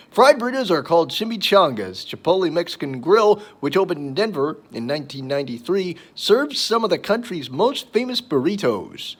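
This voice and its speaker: Man reading with lively pitch. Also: slightly rough. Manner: reads aloud, then wanders into playful asides. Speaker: podcast host. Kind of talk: reading and riffing on daily holidays.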